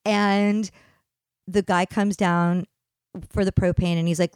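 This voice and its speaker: A woman's voice: on the low side, little pitch movement, slow pace, darkish tone, smooth, no echo, clean studio sound. A woman, a regular on the show, chatting casually and acting out other people's lines as she tells a story. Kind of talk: casual chat.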